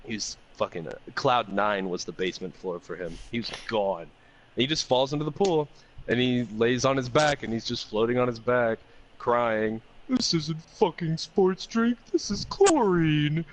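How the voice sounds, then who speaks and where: A man co-hosting a podcast, telling a long profane party story in a loose, animated way. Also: medium pitch, a little fast, a little hiss or hum. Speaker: podcast co-host. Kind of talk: casual storytelling chat.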